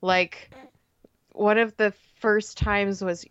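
Woman guest, mid pitch, dry, slightly dull sound, quick to laugh and rant. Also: clean tone, dry recording. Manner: laughing, ranting, animated storytelling. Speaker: podcast guest. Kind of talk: casual podcast chat.

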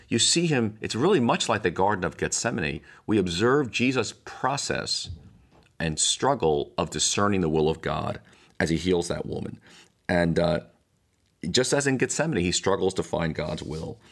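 A man, older, speaking as a pastor and podcast host in a reflective teaching monologue, wandering through asides and restarts. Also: sits low. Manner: rambling, many restarts and asides.

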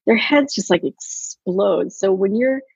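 A woman coaching in casual podcast chat, telling animated stories and acting out quotes. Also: mid-range voice, unhurried, creaky, slightly rough, dry recording. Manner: animated storyteller, acts out quotes. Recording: dull, dry lo-fi sound.

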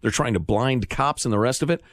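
A man's voice: mid-range voice, a little fast, no room sound, clean studio sound. A man co-hosting a talk radio show, speaking in a sardonic, emphatic way. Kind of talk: casual talk radio banter.

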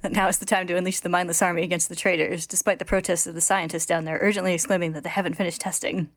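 A woman's voice: on the low side, level tone, rapid-fire, dry recording, clean studio sound. A woman hosting a podcast, retelling a manga chapter in a wry, sarcastic way with casual laughs. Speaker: podcast host recapping a manga. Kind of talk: casual recap narration.

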